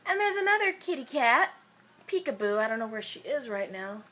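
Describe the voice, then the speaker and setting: A woman vlogger chatting casually about her pets, relaxed and rambling. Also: on the high side, fairly quick, slight background noise. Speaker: pet owner vlogger. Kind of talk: casual chat.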